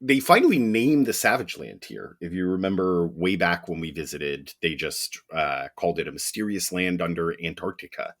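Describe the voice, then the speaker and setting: Deep-voiced podcast co-host, man. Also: normal speed, hardly any pauses. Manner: relaxed, chuckling, many fillers. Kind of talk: casual chat about comics.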